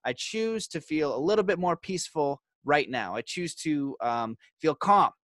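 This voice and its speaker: A man's voice: on the high side, lively intonation, normal speed, a bit bright, no room sound. A man hosting a podcast, talking in an earnest, explanatory way with hesitant restarts. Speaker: podcast host. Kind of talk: casual interview conversation.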